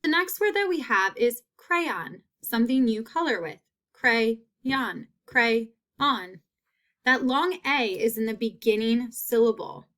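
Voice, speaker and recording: A woman teacher giving a phonics lesson, stretching out sounds and repeating each word slowly. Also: on the high side, animated, a bit bright.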